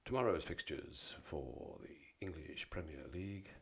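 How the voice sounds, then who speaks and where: Man doing a formal fixtures-announcer voice, deep and deliberate. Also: expressive, slightly rough, exaggerated voice. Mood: formal announcing. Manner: slow, deep, measured announcing.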